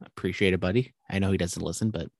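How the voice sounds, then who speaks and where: A man's voice: sits low, steady tone, fast talker, creaky, a little mellow, no echo, clean studio sound. A young man from California co-hosting a casual podcast, teasing his friend and swearing offhandedly. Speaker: podcast co-host.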